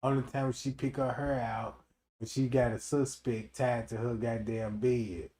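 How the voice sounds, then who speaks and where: A man streaming a profane comedic rant, swinging from shouting to muttering. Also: mid-range voice, level tone, unhurried.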